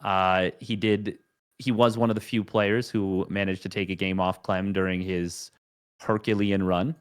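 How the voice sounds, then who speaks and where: A man's voice: deep voice, flat delivery, a little slow, clear, resonant tone. A man in a casual esports chat, ranting heatedly and swearing freely.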